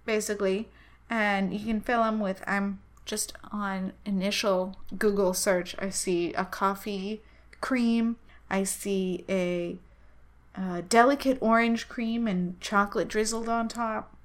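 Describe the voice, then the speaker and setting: A woman's voice: mid-range voice, steady tone, slow pace. A woman co-hosting a casual chat, talking in an easygoing, conversational way. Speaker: podcast co-host.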